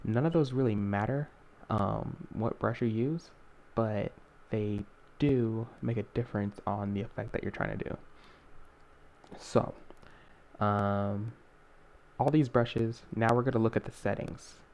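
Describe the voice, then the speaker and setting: A man's voice: lowish voice, fairly even intonation, measured pace, vocal fry, darkish tone, slight background noise. A young man hosting a casual screen-recorded art tutorial, talking in a rambling way with many fillers and self-corrections.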